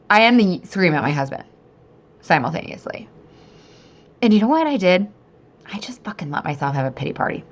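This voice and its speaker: A woman in her thirties hosting a casual podcast as a weight-loss coach, chatty and animated, swearing freely and laughing often. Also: medium pitch.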